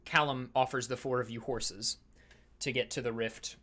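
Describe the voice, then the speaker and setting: A man's voice: mid-range voice, fairly even intonation, moderate pace, a bit bright. A man narrating a tabletop game as game master, talking casually with lots of fillers. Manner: casual, full of fillers and restarts.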